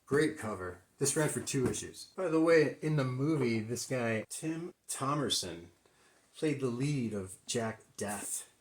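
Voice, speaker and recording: A man's voice: medium pitch, lively intonation, a little slow. A man with a Midwestern accent, casually rambling through a comic book haul as a collector, thinking aloud with plenty of fillers. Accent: American Midwest. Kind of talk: casual unscripted video commentary.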